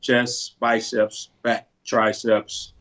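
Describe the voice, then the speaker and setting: A man answering interview questions over a video call, relaxed and halting, with frequent restarts. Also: mid-range voice. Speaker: pro bodybuilder guest on a video call.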